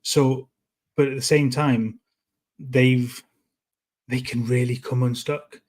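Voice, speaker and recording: A man's voice: mid-range voice, little pitch movement, darkish tone. A man co-hosting a football podcast in casual chat, stopping and restarting his sentences often. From North East England. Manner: halting, many restarts and repeated words. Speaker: podcast co-host.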